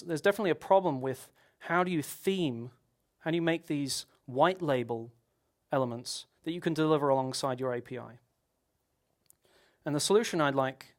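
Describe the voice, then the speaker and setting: A man giving a technical conference talk, explaining at length with rhetorical questions and frequent restarts. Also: on the high side. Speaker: conference speaker.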